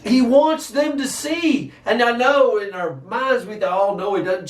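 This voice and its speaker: A man preaching a sermon, animated and questioning, often repeating his words. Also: extremely high pitch, a little slow, few pauses. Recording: echoey, distant from mic.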